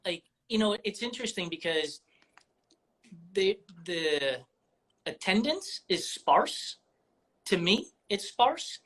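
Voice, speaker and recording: A podcast host with a bright, forceful tone chats casually with athlete guests. The talk turns passionate and animated, with plenty of conviction behind each point. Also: medium pitch, takes it slowly, long pauses, low-quality recording. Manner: animated and passionate when excited. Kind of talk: casual interview chat.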